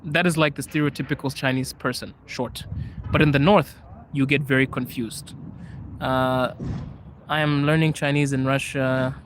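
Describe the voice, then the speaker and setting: A man's voice: medium pitch, steady tone, normal speed, fairly bright tone, slight background noise. Young man chatting live, laughing often. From Zimbabwe. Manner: laughs often, switches between English, Chinese and Russian. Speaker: podcast host. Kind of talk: live chat answering viewers.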